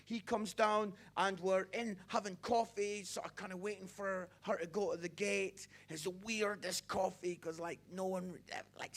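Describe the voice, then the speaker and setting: A middle-aged man, a pastor telling a personal story in a sermon, animated and chatty, often checking in with his listeners. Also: high-pitched, creaky.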